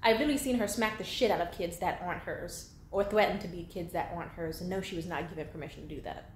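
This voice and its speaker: A woman's voice: fairly low pitch, quick pace. A 22-year-old woman venting bluntly and profanely in a candid monologue. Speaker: vlogger. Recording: echoey room with faint background hum.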